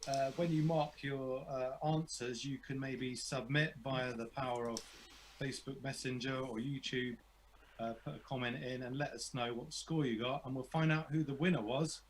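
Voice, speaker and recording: A man's voice: mid-range voice, fairly even intonation, normal speed, slight background noise, low-quality recording. Man hosting an online comedy show. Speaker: show host. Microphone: video call.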